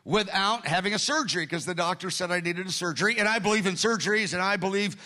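Here a pastor in his sixties preaches quickly, his tone bright and forceful. He talks to the congregation earnestly and conversationally, his voice straining easily and his pitch leaping up now and then.

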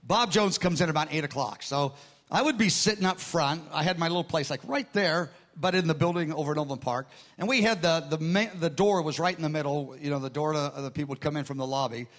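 A man preaching a sermon, telling a story with lively quoted dialogue and repeating words as he starts phrases. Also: fairly high pitch, quick pace.

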